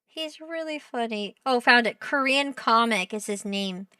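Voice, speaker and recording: A woman's voice: a little high, a little slow, sharp tone, clear, resonant tone, no echo, studio quality, recorded from a distance. A young woman streaming as a VTuber, chatting casually and playfully while reacting to a show, giggling and teasing her chat.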